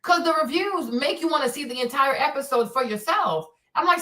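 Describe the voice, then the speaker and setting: A woman's voice: high-pitched, moderate pace, pushed and bright, far from the mic. A woman streaming casual commentary, chatty and exasperated, full of slang. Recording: echoey room, off the mic.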